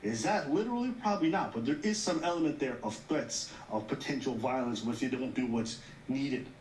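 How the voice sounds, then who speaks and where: A man's voice: medium pitch, lively intonation, a little fast, darkish tone. A man co-hosting a casual commentary show, explaining a news story at length and reading quotes aloud, with casual swearing. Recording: roomy echo, heard from a distance, faint room noise.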